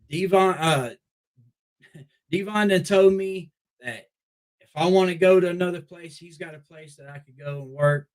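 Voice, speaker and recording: A young man, a wrestler, telling a long story in a casual, profane, animated way with many restarts. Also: a little high, low-quality recording. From Memphis Mid-South area. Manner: profane, animated, repeats "I was like". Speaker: wrestler guest.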